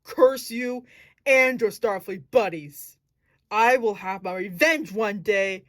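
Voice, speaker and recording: A bitter, vengeful space villain captain who sees himself as the galaxy's rightful ruler, as a woman reads him aloud in rehearsal. He sneers with scorn and swears revenge. The voice sits at a middle pitch, close and dry, with no room sound. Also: animated, takes it slowly, no echo. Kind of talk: monologue rehearsal reading.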